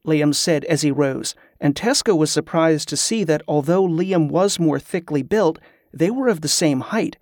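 A man narrating a fantasy novel in a steady, measured way. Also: fairly high pitch, no room sound, studio quality. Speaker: audiobook narrator.

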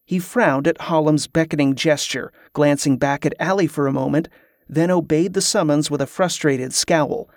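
An audiobook narrator reading a novel in a steady, even storytelling manner. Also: medium pitch, moderate pace, dry recording, studio quality. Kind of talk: scripted narration.

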